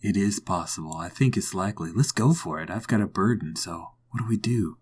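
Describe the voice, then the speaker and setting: A man's voice: sits low, brisk, darkish tone. A man who hosts the show, playing his character in first person and then chatting as interviewer. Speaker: podcast host playing a character. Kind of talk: tabletop role-play in first person, then interview chat.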